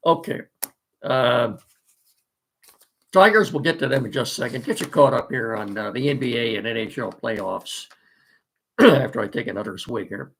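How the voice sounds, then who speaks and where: A man's voice: medium pitch, expressive, normal speed, creaky, pauses often, a bit bright. A middle-aged man hosting a casual sports talk show, folksy and rambling with many fillers, his voice congested from allergies and a cough.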